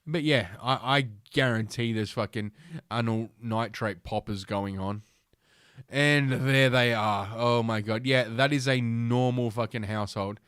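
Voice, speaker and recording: A man's voice: mid-range voice, steady tone, normal speed, fairly bright tone, clear, resonant tone, dry recording, studio quality. A man hosting a podcast, reading an article aloud and mocking it in crude, profane asides. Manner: crude, mocking, swears often, laughs at own jokes. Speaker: podcast host. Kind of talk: casual commentary while reading an article aloud.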